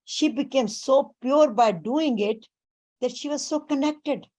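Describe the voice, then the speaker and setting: A woman giving a spiritual talk, speaking deliberately and weaving in Sanskrit and Hindi terms. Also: high-pitched, dark tone. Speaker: spiritual teacher.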